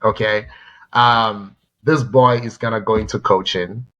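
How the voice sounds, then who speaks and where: A man co-hosting a sports podcast, telling stories in a rambling, animated way and often repeating words. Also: fairly low pitch, unhurried, highs cut off. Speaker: podcast co-host. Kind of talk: casual sports chat.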